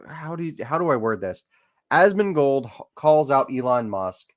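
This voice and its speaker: A man in casual chat, reading out news headlines and talking in a hesitant, halting way with many fillers. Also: lowish voice, a bit bright, clean tone, dry recording, studio quality.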